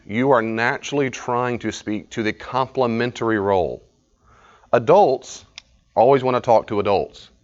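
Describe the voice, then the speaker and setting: Male study leader, lowish voice, chatty teaching style with plenty of repetition, dull lo-fi live recording. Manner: conversational, repeats words, asks the group questions.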